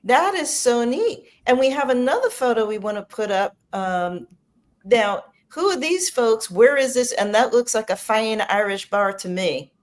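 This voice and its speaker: A middle-aged woman host leads a chatty interview with playful, animated questions. Her pitch jumps up and down as she talks, and she sounds lively and engaged. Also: moderate pace. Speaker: talk show host.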